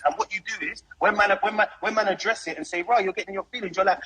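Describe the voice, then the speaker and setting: A man's voice: sits high, a little fast, sharp tone. A man arguing insistently on a live stream video call, repeating himself and talking over the other man. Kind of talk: heated live stream argument.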